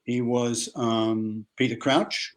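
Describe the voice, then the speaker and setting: An older man with an Australian accent, a guest actor telling lively anecdotes in an interview and acting out other people's voices. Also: medium pitch, takes it slowly.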